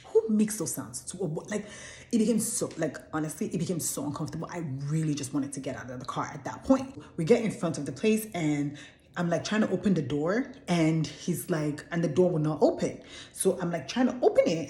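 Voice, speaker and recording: A young Nigerian woman recounts a story for her vlog with animated, exclamatory delivery. Her voice is low and mellow. The room around her adds a noticeable echo. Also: a little fast. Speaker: vlogger. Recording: roomy echo.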